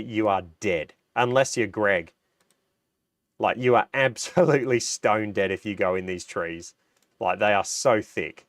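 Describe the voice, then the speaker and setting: A man's voice: on the low side, slow pace, no echo, studio quality. A man hosting a casual livestream. He has a cold, so his voice sounds nasal, and he chats with enthusiasm and answers viewer comments. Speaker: livestream host.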